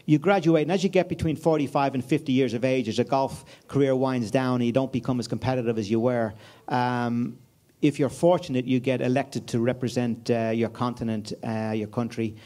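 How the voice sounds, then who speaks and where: This Irish guest speaker, a man in his fifties, has a mellow, medium-pitched voice and a steady tone, talking fairly quickly. He shares a chatty conference anecdote before an audience in a conference room, with plenty of fillers and restarts.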